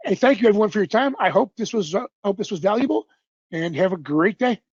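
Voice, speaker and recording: Male presenter, informal webinar demo, fairly high raspy voice, muffled lo-fi call sound. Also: animated, fast talker, no room sound. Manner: informal, apologetic, loosely unscripted. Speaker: software presenter. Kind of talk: live software demo webinar.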